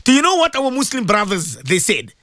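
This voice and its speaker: A man's voice: high-pitched, huge pitch swings, brisk, fairly bright tone, dry recording, studio quality. A man with a South African accent, a radio host and Muslim cleric, giving impassioned commentary full of repetition and rhetorical questions.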